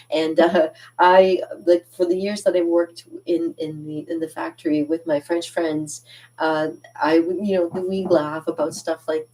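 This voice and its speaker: A woman's voice: on the low side, darkish tone, far from the mic, poor audio. Rambling, chatty woman a bit off-mic. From Canada. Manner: rambling, sidetracked, laughs often. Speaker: cartooning channel host. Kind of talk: casual chat to viewers.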